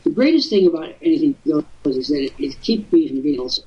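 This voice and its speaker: Fast-talking and animated, an older man hosting a live webcast talk show relates expansive stories with theatrical asides. His fairly high-pitched voice is husky and off-mic, caught by a distant mic in muffled lo-fi audio.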